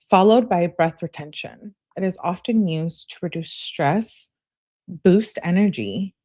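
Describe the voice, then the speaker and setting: Brief: young woman, sarcastic true crime commentator, low-ish voice, unhurried delivery, swears casually. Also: darkish tone. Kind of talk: casual commentary reading out texts.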